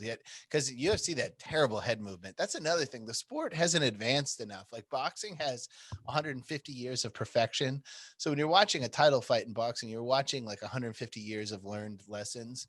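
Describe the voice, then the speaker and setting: Podcast co-host, male, mid-pitched, dry studio sound, profane rambling storyteller. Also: fairly quick, a bit bright, no room sound. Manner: profane, rambling storyteller who laughs often. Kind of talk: casual chat.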